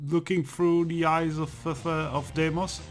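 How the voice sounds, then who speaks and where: A man playing a tabletop game, talking hesitantly with many pauses and fillers. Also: a little high, little pitch movement, faint music behind. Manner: hesitant, many ums and uhs. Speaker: player. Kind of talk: tabletop role-play chat.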